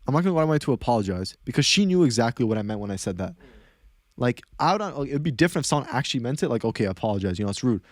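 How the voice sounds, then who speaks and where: Man, podcast host, casual chat, rapid animated storytelling, dry sound. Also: medium pitch, dry recording. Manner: fast, animated storytelling with many fillers.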